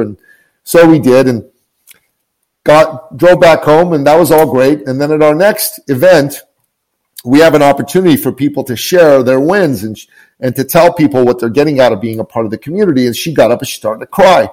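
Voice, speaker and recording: A man's voice: medium pitch, normal speed, a little mellow, poor audio. A man guest, a business coach, speaking earnestly and emphatically, often repeating his phrases as he tells an inspirational story.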